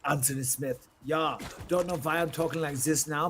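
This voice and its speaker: A man's voice: on the high side, fairly even intonation, moderate pace, a bit bright. A man, hosting a casual podcast chat, joking and swearing freely. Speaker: podcast host. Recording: noisy background.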